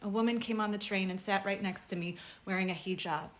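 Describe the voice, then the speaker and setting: A woman telling a personal story in a heartfelt message to camera, speaking earnestly and at a measured pace. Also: mid-range voice, steady tone.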